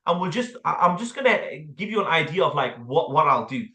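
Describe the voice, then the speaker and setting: A man with an English accent coaching a sales team, blunt and animated, with casual slang and the odd swear word. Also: a little high, brisk, echoey room. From England. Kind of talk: sales training talk with role-play.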